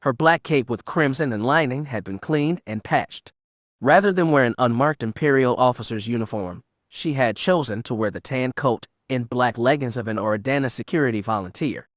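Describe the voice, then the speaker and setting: Man, audiobook narrator, steady storytelling, middle pitch, dry booth sound. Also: normal speed, no room sound. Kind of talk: scripted narration.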